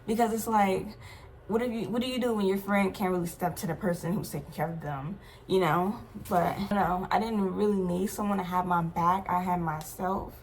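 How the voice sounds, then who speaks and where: A woman's voice: on the low side, fairly even intonation, moderate pace, a little hiss or hum. Chatty young woman telling a storytime. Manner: chatty, slangy and emphatic, with many asides to viewers. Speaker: vlogger. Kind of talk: casual storytime.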